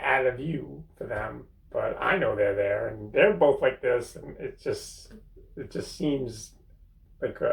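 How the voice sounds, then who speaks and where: An older man spins a long, meandering story with a gravelly edge in his voice. He stumbles over his words and restarts often, pitched at an ordinary male middle. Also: poor audio. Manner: rambling, halting anecdote with restarts and chuckles. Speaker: comedy monologue host. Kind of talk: seated storytelling monologue. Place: bathroom, seated on a toilet.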